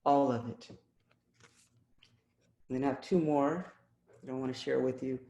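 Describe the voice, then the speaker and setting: A man reading his own poems at a video-call poetry event, measured and pausing with ums between pieces. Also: medium pitch, fairly even intonation, vocal fry, dark tone. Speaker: poet reading his work. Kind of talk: poetry reading with spoken introductions. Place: home, over video call. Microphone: computer mic on a video call. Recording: echoey video call audio.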